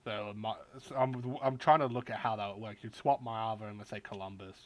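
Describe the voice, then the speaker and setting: A man's voice: fairly low pitch, fairly even intonation, a little fast, no room sound. A man hosting a casual podcast chat, bantering with friends, stammering through restarts and laughing often. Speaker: podcast host.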